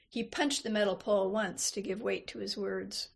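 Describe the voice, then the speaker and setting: A woman reading a first-person story aloud in a measured, unhurried way. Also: mid-range voice, fairly even intonation, gravelly. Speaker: reader. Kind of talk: storybook narration.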